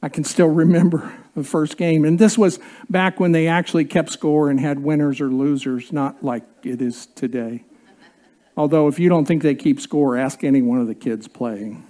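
This is a preacher delivering a sermon in a church, spinning a humorous story with lively, chuckling energy. The voice sits at an ordinary middle pitch. It turns low and quiet whenever the message gets serious. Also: moderate pace. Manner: animated storyteller, chuckling through the tale.

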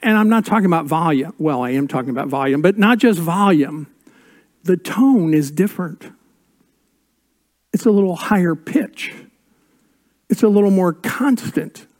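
An older man preaching a sermon as a pastor, with dramatic pauses and drops to a hush on key words. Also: high voice, lively intonation.

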